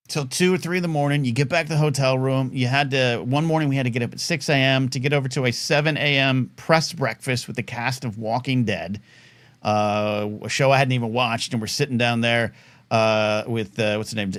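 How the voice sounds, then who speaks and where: A middle-aged man hosting a live talk show, telling a long rambling story with lots of fillers and restarts, and acting out the people in it. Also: mid-range voice. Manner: rambling, animated, full of fillers and restarts, acts out quoted voices. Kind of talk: casual storytelling monologue.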